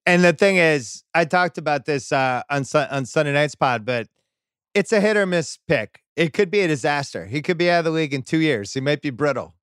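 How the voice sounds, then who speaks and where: Animated man on a dry podcast mic. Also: fairly quick, clean tone, no echo. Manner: animated, acts out quotes with sudden high bursts. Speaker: podcast host. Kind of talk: casual sports chat.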